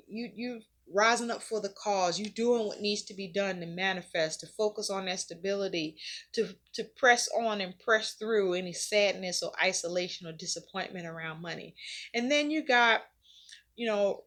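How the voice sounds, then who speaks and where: A woman's voice: medium pitch, fairly bright tone. A woman giving a casual tarot reading to her viewers. She talks conversationally, repeats herself often, uses a lot of fillers and swears casually now and then. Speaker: tarot reader.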